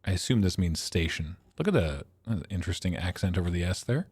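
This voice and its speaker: Low-voiced man thinking aloud on stream. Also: animated, fast talker, darkish tone, husky, no echo. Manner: thinking aloud, self-mocking, chuckling. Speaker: streamer playing a geography guessing game. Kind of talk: casual livestream commentary.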